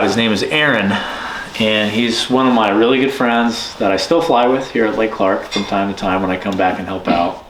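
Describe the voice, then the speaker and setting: Telling a tale over easygoing talk, the bush pilot acts out what people said with a lively touch. His fairly low voice keeps a moderate pace, and a little hiss or hum sits under the echoey, roomy sound.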